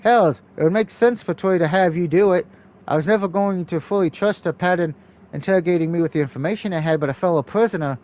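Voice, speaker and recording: A man's voice: high-pitched, fast talker, darkish tone, lightly acted. A man reading a game aloud, voicing a young woman assassin who pleads earnestly. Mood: pleading.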